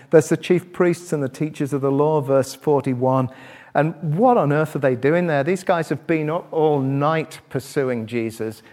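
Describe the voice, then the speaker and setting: A middle-aged man preaching a sermon, asking his listeners direct questions and swinging between loud, quick passages and quiet, slow reflection. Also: a little high. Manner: rises loud and fast when stirred, drops quiet and slow to reflect.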